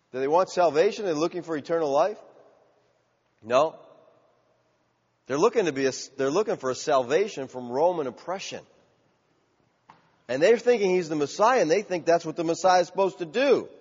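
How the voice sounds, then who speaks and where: A man preaching a sermon, asking the congregation questions and building to loud cries. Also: high voice, husky. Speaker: pastor. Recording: dull sound with long hall reverb.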